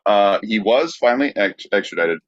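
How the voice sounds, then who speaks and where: A male podcast host recounts a true crime story, stumbling through fillers as he checks his notes. His voice sits low, and the recording sounds dry and a little muffled. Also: expressive, no room sound. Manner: halting, filler-heavy.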